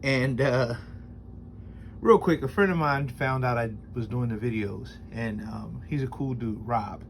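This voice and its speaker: A man's voice: mid-range voice, measured pace, creaky, a little hiss or hum. A man hosting a casual knife review, rambling and chuckling, with emphatic stress when he lays out rules. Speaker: host of a knife review channel. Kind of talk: casual spoken product review.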